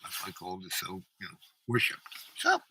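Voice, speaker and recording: A man's voice: deep voice, huge pitch swings, moderate pace, noisy background. A man in his seventies telling a long story in a meandering, casual way, full of "you know" fillers. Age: 70s. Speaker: channel host.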